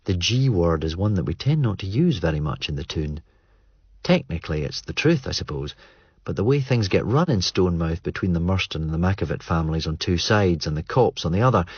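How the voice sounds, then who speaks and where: Deep, husky male audiobook reader; measured, understated narration, dry close mic. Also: lively intonation, no echo, dull audio. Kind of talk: scripted narration.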